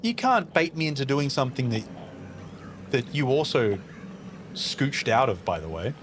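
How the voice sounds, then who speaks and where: This streamer's mid-range voice swings widely in pitch at a normal speed, with background noise present. He chats with his audience, answers their messages and murmurs playfully to himself while gaming.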